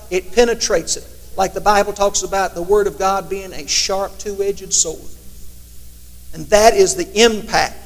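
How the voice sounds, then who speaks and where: A man preaching a sermon in a conversational way, now and then acting out imagined prayers to God. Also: high voice. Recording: long hall reverb.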